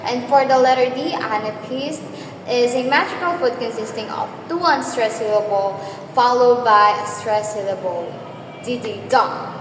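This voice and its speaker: A woman's voice: fairly high pitch, normal speed. A woman teacher, walking students through exam review questions step by step and checking in with them as she goes. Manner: explains step by step, checks in with "okay?". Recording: echoey room with loud background noise.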